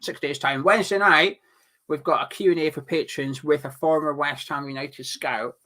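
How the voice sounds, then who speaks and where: A man co-hosting a casual football chat, jokey and brisk, plugging the channel between bits. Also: a little high, fairly even intonation, sharp tone. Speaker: co-host.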